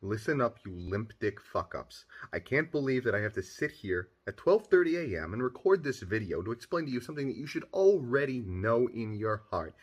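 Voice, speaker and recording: A brash, foul-mouthed male fanatic with a New Jersey accent, put on by a man in a recorded video. He rants with a swaggering trash-talker's bluster, in a voice of middling pitch. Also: husky. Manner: swaggering trash-talking rant.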